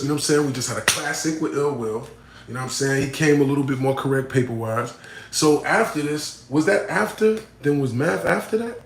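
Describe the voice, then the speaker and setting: Blunt man with echoey room sound. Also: fairly high pitch. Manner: swings between loud emphatic points and muttered asides; blunt, repeats himself, full of "you know what I'm saying" and "right?". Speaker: battle rapper. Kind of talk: casual talk to camera answering a fan question.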